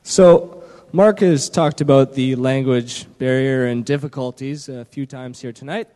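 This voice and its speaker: A man telling a mission trip story to a church gathering on a handheld mic, in a lively way with lots of fillers and restarts. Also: medium pitch, measured pace, long reverb tail. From Canada. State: shaky from not eating. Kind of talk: church testimony talk. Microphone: handheld microphone.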